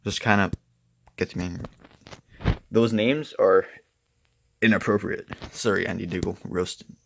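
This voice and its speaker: Low gravelly young man rambling. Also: fairly even intonation, measured pace, fairly bright tone, a little hiss or hum. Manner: rambling, profane, filler-heavy. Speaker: comic book reviewer. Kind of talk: casual review chat.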